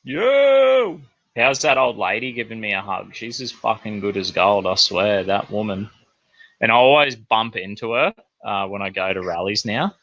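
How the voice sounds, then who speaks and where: An Australian man rants through the day's news in a loose, sweary, rambling way, full of blokey slang. His low voice pushes hard and sounds tense. The sound is dry and close, with no room around it. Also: lively intonation, a little slow, sharp tone, no room sound, highs cut off. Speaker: livestream news host. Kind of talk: crude comedic news rant.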